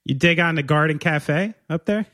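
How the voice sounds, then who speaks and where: A podcast host with a fairly high male voice, relaxed and easygoing. He keeps the chat flowing with quick agreeing interjections. The sound is dry and close-miked. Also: dry recording. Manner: easygoing, agreeable, lots of "right, yeah".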